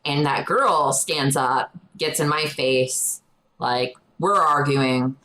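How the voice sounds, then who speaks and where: Lively woman telling a story. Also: rumbling low, slow pace, low-quality recording. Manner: animated, acts out quotes in a raised voice. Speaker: podcast co-host. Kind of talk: casual storytelling chat.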